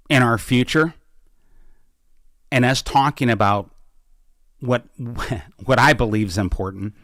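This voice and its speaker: A man hosting a podcast, talking about politics in a fervent way and building up to slow, emphatic declarations from a small studio. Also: medium pitch, no room sound. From Washington State. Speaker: podcast host. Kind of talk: impassioned political talk.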